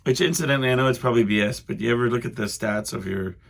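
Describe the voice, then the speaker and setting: A man's voice: medium pitch, rapid-fire, creaky, a bit bright. A young man hosting a solo podcast, rambling through stories with lots of fillers and asides. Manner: meandering, full of fillers and asides. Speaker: podcast host.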